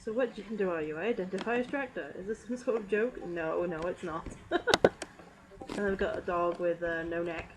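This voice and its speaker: Giggly rambling woman streamer, low-ish voice. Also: moderate pace. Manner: rambling, giggly, lots of fillers. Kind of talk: casual meme review commentary. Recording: steady background noise.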